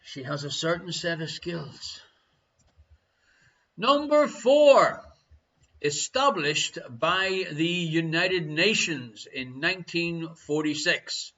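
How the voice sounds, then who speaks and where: A man with an Irish accent hosting a live online quiz, chatty and teasing, reading each question slowly twice. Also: fairly high pitch, bright, forceful tone. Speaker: quiz host. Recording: dull lo-fi stream audio.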